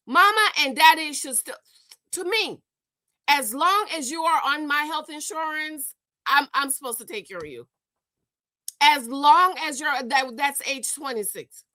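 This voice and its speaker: A woman's voice: high voice, lively intonation, normal speed, pushed and bright, no echo. A woman hosting a gossip commentary show, exasperated and scolding, stammering and repeating herself as she rants. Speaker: host.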